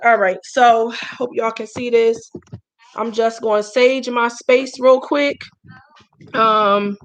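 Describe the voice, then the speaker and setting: A young woman casually hosting a livestream, chatty and spiritual, pausing with sighs as she talks. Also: fairly high pitch, a little hiss or hum, poor audio. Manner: chatty, spiritual, gets emotional with sighs and pauses. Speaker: livestream host, herbal brand founder.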